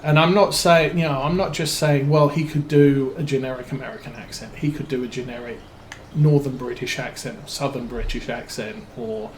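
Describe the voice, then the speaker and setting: A man's voice: mid-range voice, steady tone, moderate pace, few pauses, echoey room, a little hiss or hum, rough recording. A man streaming a game, telling a long rambling story with many fillers and restarts. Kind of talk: casual storytelling while playing a farming game.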